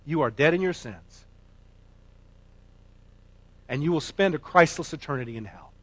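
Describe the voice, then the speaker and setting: A man preaching a sermon, emphatic, moving between loud declarations and quiet asides. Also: fairly high pitch, lively intonation, normal speed, no room sound. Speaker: pastor.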